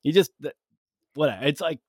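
A man's voice: a little high, animated, a little fast, husky, dry recording, clean studio sound. A male podcast host telling a casual, rambling story with plenty of swearing and self-mocking jokes.

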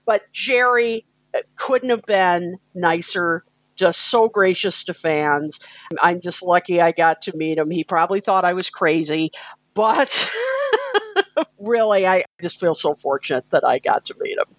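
A woman's voice: on the low side, very animated, measured pace, dry recording, rough recording. An American woman co-hosting a podcast, telling a story casually with lots of fillers and laughter. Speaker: podcast co-host.

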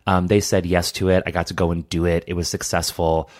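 A man's voice: sits low, level tone, a little fast, a little mellow. A man co-hosting a podcast, chatting casually and gushing with enthusiasm, with lots of fillers. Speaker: podcast co-host. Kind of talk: casual chat.

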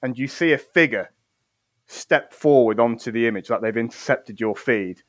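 A man's voice: mid-range voice, normal speed, dry recording. A man narrating a tabletop game as game master, in a theatrical storytelling manner.

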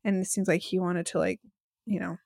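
A woman's voice: lowish voice, little pitch movement, a little fast, vocal fry, a little mellow, no room sound, studio quality. Chatty woman recapping a show. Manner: chatty, exasperated, quotes people in passing. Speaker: podcast co-host. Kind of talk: casual recap chat.

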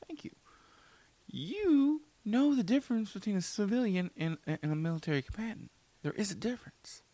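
Man ranting in a fast casual monologue. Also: a little high, big pitch swings, no room sound. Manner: heated, rambling, lots of "like" fillers. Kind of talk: casual opinion rant.

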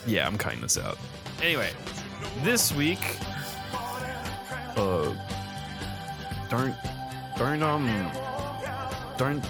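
A man co-hosting a movie podcast, chatting casually and joking loosely with the odd swear. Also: lowish voice. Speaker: podcast co-host. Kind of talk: casual chat.

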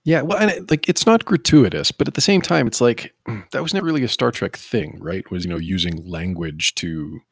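On a podcast, a man with a very low, slightly husky voice chats casually, rambling from point to point and riffing with animated asides. He talks briskly with few pauses, and the sound is dry and close with no room sound around it.

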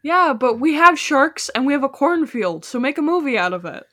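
A woman co-hosting a podcast, teasing the others with quick questions in casual chat. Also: high-pitched, very animated, a bit bright. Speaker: podcast co-host.

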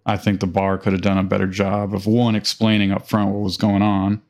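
A man's voice: lowish voice, completely flat delivery, brisk, a little mellow. A man casually telling a profane, rambling anecdote on a chat podcast, acting out quoted voices. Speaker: podcast host.

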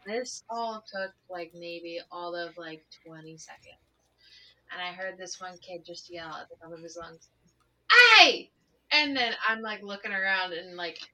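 A young adult woman, a special education teacher, telling stories in a casual podcast chat, animated and swearing freely. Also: mid-range voice, distant mic, rough recording.

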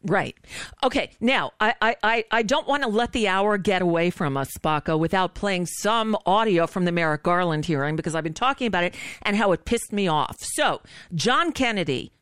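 A woman hosting a political talk radio show, sarcastic and indignant, with quick asides. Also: medium pitch, lively intonation, fairly bright tone, clear, resonant tone, dry recording, clean studio sound.

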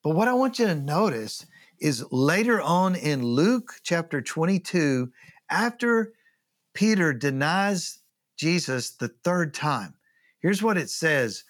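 A man's voice: a little high, very animated, takes it slowly. A male pastor preaching a sermon in a conversational way, often asking his listeners questions.

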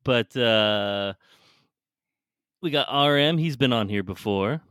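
A man hosting a casual podcast, talking hesitantly with many pauses. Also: mid-range voice, animated, fairly bright tone, clean tone, dry recording, studio quality. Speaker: podcast host.

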